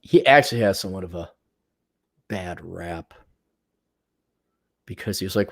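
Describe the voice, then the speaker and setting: A man's voice: sits low, measured pace, vocal fry, pauses often. A man giving crude, sarcastic, rambling commentary as a vlog host. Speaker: vlogger and consultant.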